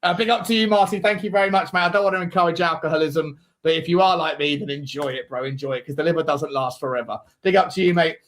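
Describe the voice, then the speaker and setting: A man's voice: fairly high pitch, steady tone, fast talker, hardly any pauses. Tipsy, boisterous male stream host. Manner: boisterous, jokey, shouting out donors. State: tipsy from drinking. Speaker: watchalong host. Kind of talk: casual live-stream chat.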